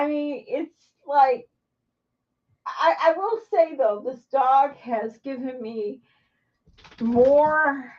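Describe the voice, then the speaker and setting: A woman vlogging candidly to the camera, halting and rambling with lots of restarts. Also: fairly high pitch, far from the mic, muffled recording. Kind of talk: candid personal vlog chat.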